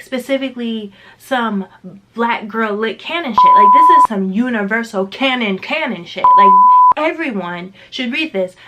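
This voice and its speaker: A woman's voice: fairly high pitch, dull audio, background noise. A young woman reviewing a book in a casual vlog, candid and emphatic, swearing freely.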